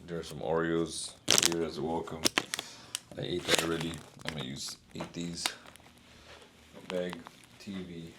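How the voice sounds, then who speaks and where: A man, a keynote speaker, chatting casually in a travel vlog and thinking out loud in a rambling way. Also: deep voice, flat delivery, measured pace, long pauses, heavy background noise.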